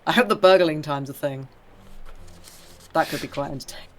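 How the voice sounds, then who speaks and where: A woman's voice: low voice, a little fast. A woman co-hosting a live game stream, chatting and reading viewer comments aloud. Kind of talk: casual chat on a live stream.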